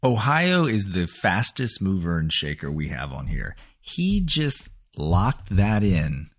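A man hosts a comedy podcast in a playful, hammy style. His voice sits a little low but swings up and down with lively energy. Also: slow pace. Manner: playful, hammy promo delivery. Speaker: podcast host.

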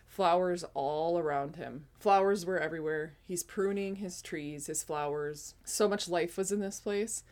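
A woman's voice: on the low side, measured pace, hardly any pauses, a little mellow. A woman in her forties telling a casual personal testimony, rambling with frequent self-corrections. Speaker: speaker sharing a spiritual testimony.

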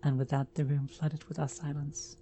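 A woman narrating a first-person horror story in a measured, dramatic reading. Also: sits low, flat delivery, dark tone, slight background noise.

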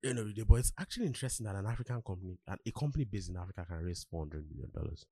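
A man co-hosting a casual podcast debate, excitable and breaking into loud exclamations. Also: low voice, very fast, slightly rough, dry recording.

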